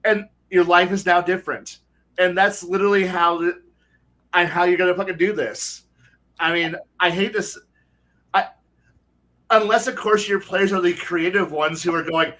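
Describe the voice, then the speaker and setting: A man's voice: sits high, normal speed, bright, forceful tone. A man on a podcast panel for dungeon masters, talking in a rambling, profane, casual way with many restarts. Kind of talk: casual chat. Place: podcast recording.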